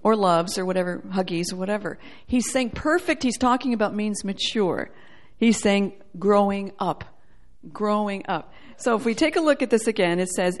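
A woman teaching a sermon in a church setting, animated and playful, acting out quoted voices as she goes. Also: medium pitch, moderate pace. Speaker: Bible teacher.

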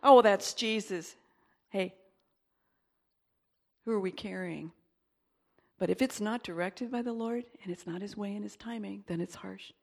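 Gravelly-voiced woman preaching emphatically. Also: medium pitch, moderate pace, long pauses. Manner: emphatic, breaks into whispers and rises to loud exclaiming in prayer. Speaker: pastor. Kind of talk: sermon and prayer.

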